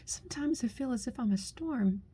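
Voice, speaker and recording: A woman's voice: a little high, expressive, normal speed, dark tone, a little hiss or hum. A middle-aged woman speaking an earnest, heartfelt monologue that often drops to a half-whisper as she pleads. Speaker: speaker sharing a personal message.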